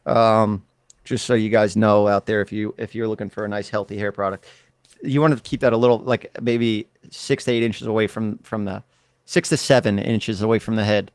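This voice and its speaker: A man's voice: on the low side, fairly even intonation, moderate pace, smooth, dry recording. Rambling joking male podcast host. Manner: joking, rambling, mock-tough banter. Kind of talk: casual chat.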